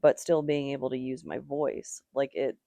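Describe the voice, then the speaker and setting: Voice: mid-range voice, flat delivery, moderate pace, gravelly, dark tone, dry recording. A tarot reader giving a casual, rambling reading, with strong opinions and lots of "like" fillers.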